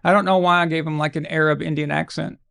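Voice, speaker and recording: A man's voice: fairly high pitch, fairly even intonation, fast, creaky, fairly bright tone, smooth. A man from Arkansas hosting a live football watch-along stream, giving casual commentary full of crude, brash, mocking humor.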